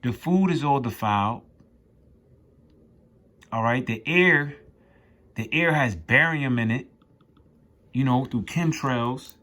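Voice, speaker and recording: A man delivers an informal scripture lesson in a mid-pitched voice. He reads verses aloud, then riffs on them emphatically in rough slang and curses. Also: slow, long pauses, bright, forceful tone. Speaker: street preacher.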